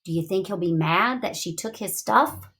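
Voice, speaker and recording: With a medium-pitched voice at a moderate pace, a woman leads young children through a read-aloud lesson, asking them questions expressively and with encouragement.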